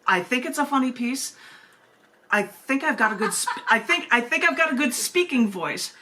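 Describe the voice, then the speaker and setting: Woman, open mic host, poetry reading, bright sound, video call from home, animated, frequent laughter. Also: sits high, normal speed, a little hiss or hum. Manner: animated, laughs often between pieces. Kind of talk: poetry reading with chatty asides. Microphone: computer mic on a video call.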